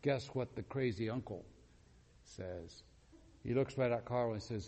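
A man's voice: lowish voice, normal speed. Male preacher telling a story, reverberant hall. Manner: animated, acts out quotes, asks the audience questions. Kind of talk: sermon storytelling.

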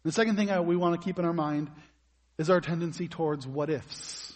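Male pastor, somewhat high husky voice, chatty sermon with questions to the room, long hall reverb. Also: fairly quick, a little mellow. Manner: conversational preaching, asks the congregation questions.

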